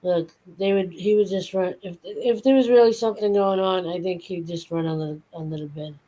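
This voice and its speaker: A woman chatting casually on a live stream, relaxed as she works on a task. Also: on the low side, brisk, rough recording. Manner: relaxed, talks while working on a task. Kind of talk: casual chat.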